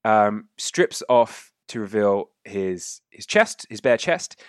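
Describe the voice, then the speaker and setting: A man narrating a tabletop game as game master, animated and laughing often. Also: fairly low pitch, slow pace, dry recording, studio quality.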